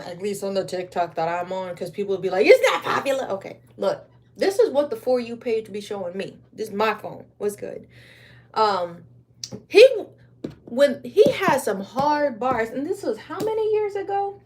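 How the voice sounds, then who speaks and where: A woman's voice: mid-range voice, normal speed, darkish tone. A young woman from Wisconsin chatting casually on a livestream while she crafts, rambling in slang.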